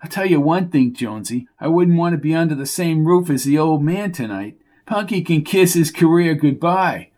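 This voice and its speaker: Man doing a wisecracking, excitable sidekick. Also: a little high, moderate pace, hardly any pauses, close to an everyday voice. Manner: sarcastic and jokey.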